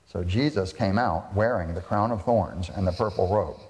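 A man's voice: low voice, very animated, moderate pace, gravelly, a little mellow. Man reading scripture in an echoing hall. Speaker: lector. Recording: reverberant hall.

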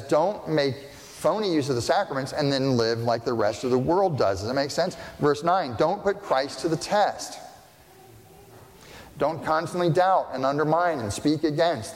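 A man's voice: on the high side, a little mellow. A man pastor preaching a conversational sermon, often checking in with the congregation by asking "right?". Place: church sanctuary. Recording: long reverb of a church hall.

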